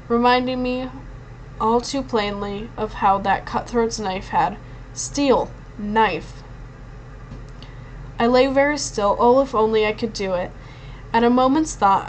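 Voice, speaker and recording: A woman narrating a novel in the first person, expressive but with occasional stumbles over words. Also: fairly high pitch, slight background noise, poor audio. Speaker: audiobook reader.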